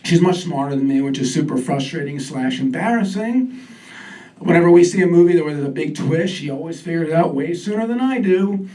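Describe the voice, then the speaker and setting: On a comedy club stage, a man whose voice is a little high and dark-toned talks briskly in a loose, self-deprecating style. He's heard through a distant stage mic, with the crowd laughing in the background.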